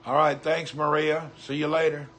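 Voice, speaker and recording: A man with a Southern US drawl hosts a casual livestream, talking in a friendly, folksy way. His voice sounds husky, with a bright, forward edge and a slightly high pitch. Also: flat delivery, normal speed. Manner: folksy, chatty, greets viewers by name. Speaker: livestream host. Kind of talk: casual livestream chat reading comments.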